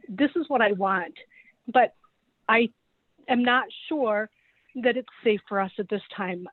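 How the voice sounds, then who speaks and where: A woman's voice: on the high side, unhurried, pauses often, no room sound. A middle-aged woman, a special education teacher, giving an earnest, emotional public comment at a meeting, close to tears. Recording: tinny call-in line, dry.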